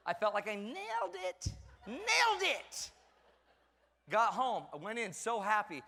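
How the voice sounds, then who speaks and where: A man's voice: sits high, huge pitch swings, moderate pace, pushed and bright, big-room sound. A middle-aged man giving a comedic talk on parenting to an audience, mocking himself as he acts out scenes from family life. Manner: self-mocking storyteller acting out family scenes. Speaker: parenting speaker.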